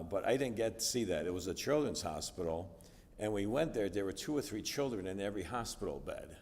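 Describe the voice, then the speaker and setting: Low-voiced man preaching in a reverberant church. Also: darkish tone, slight background noise. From United States. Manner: storytelling, conversational with fillers. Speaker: guest speaker. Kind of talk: personal testimony sermon. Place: church sanctuary. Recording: distant reverberant church hall.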